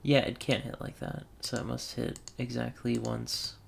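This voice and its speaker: A man's voice: mid-range voice, flat delivery, moderate pace, creaky, a little hiss or hum. A man thinking aloud in wry self-talk while commentating a puzzle game. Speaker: let's play gamer.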